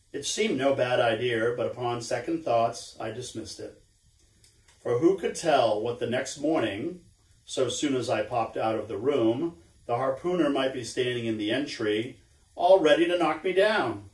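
A man giving a measured, expressive public reading of a novel in a museum hall. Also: mid-range voice. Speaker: volunteer reader. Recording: roomy and far from the mic.

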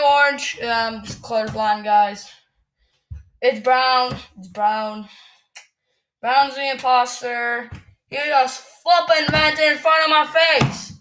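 A woman gamer giving angry, cursing commentary while she plays, ranting and shouting at other players. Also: fairly high pitch.

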